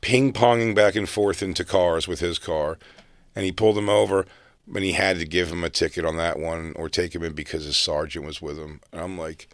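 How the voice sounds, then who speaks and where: A man's voice: low-pitched, fairly even intonation, fairly quick, no echo, clean studio sound. A man on a podcast, telling rambling, profane stories in casual chat and laughing through them. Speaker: podcast co-host.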